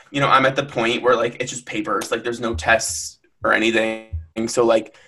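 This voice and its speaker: A man's voice: mid-range voice, little pitch movement, normal speed, pushed and bright, faint music behind. A young man co-hosting a casual podcast, talking in an easygoing, rambling way with lots of fillers. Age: young adult. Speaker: podcast co-host.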